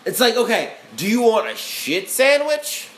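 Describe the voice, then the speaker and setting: A man co-hosting a casual podcast chat, talking in a profane, excitable way and breaking into loud shouted bits. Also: very high-pitched, measured pace. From Alabama. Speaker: podcast co-host. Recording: echoey room with faint ambient noise.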